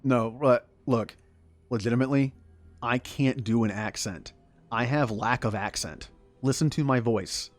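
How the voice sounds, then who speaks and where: A man from the southern United States gives casual gameplay commentary. His voice sits at an ordinary middle pitch, and his talk is chatty and rambling, with frequent laughs. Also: a little slow, no room sound, faint music behind. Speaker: gaming streamer.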